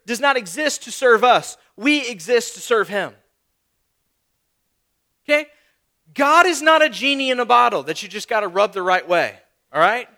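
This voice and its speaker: High, bright-voiced male pastor preaching. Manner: conversational preaching with rhetorical questions and repetition. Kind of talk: sermon.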